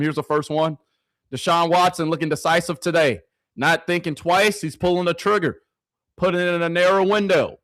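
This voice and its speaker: Over practice footage, a man delivers excited, slang-heavy sports commentary, repeating himself and addressing his audience directly. His voice sits high and a bit bright, recorded clean in a studio with no echo.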